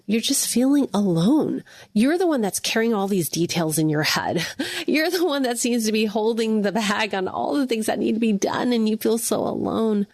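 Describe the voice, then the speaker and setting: A woman's voice: medium pitch, vocal fry, darkish tone, no echo, studio quality. A woman hosting a devotional podcast, speaking earnestly and encouragingly straight to the listener. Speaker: podcast host.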